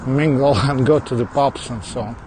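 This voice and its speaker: A man with a mixed foreign accent chats easily with viewers as he walks along suburban streets, his voice sitting in a middle pitch. He talks through a phone carried in his hand. Clear outdoor noise and passing traffic run behind him. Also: moderate pace. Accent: mixed foreign accent in English. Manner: chatty, answers viewers as he goes, with small laughs and restarts. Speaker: livestreamer. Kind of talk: casual walking livestream chat. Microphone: phone carried while walking.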